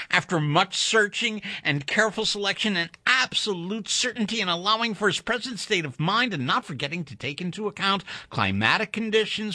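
A man narrating a story in an expressive, wry, measured reading. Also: sits high, dry recording, studio quality.

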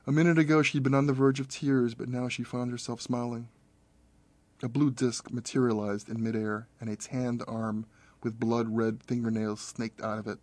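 A man reading a horror story aloud as narrator, in a steady, measured storytelling manner. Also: mid-range voice. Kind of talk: scripted audiobook narration.

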